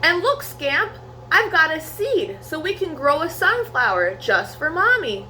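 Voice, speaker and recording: A woman voicing an eager, excitable young male critter, the big brother in a storybook, with a squealy, breathless voice. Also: high-pitched, a little slow, slight background noise, pitched above the performer's own voice, full character voice. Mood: excited.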